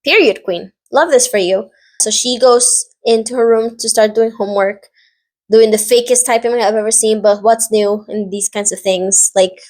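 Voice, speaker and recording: A woman's voice: on the high side, a little mellow. A young adult woman casually recapping a show, rambling with lots of fillers and sassy asides. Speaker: vlogger recapping a drama series.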